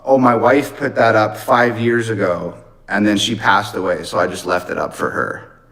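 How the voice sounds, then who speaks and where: A kind old widower in his nineties speaks softly and gently, as a man quotes him. The voice sits at an everyday male pitch, frail and warm-hearted. It is heard within a spoken anecdote. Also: steady tone, normal speed, creaky, rough recording. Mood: gentle. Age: 90s.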